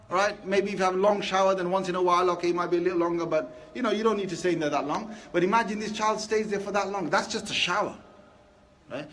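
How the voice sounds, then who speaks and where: A man giving a Friday sermon, talking in a lively, conversational way and asking the congregation rhetorical questions. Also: sits high, a little hiss or hum. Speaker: preacher.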